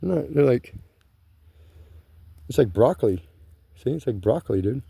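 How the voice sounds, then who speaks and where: A man's voice: medium pitch, lively intonation, measured pace, vocal fry, dark tone, slightly rough, no room sound. Guy rambling while he walks outside, swears a lot, says bro, dry close sound. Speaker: vlogger. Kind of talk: rambling casual monologue. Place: outdoors on grassland trails.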